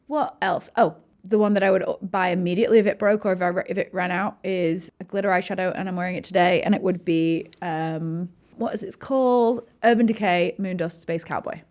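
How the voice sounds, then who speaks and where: An English woman with a slightly low voice talks as a guest in a relaxed podcast chat. She rambles happily through lists of favourites. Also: a little fast. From England. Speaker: make-up artist guest. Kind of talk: casual chat.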